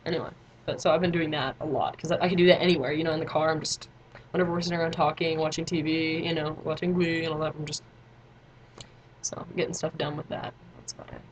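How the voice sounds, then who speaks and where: A woman's voice: deep voice, fairly even intonation, fast, slight background noise, rough recording. A teenage girl vlogging in a rambling, chatty way, full of fillers and side notes. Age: teens. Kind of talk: casual chat to camera.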